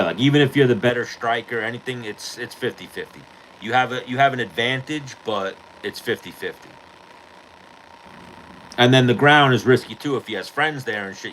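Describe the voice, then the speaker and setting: A man's voice: lowish voice, fairly bright tone, slight background noise, low-quality recording. A man hosting a podcast, telling a street-fight story in casual, profane chat and acting out the quotes. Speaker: podcast host.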